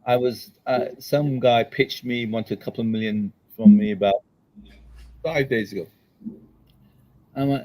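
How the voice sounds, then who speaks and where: A man's voice: mid-range voice, normal speed, darkish tone, poor audio. An older man as an interview guest at his daughter's house, telling stories emphatically and checking in with "okay?" and "all right?". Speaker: guest entrepreneur. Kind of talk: storytelling interview answer.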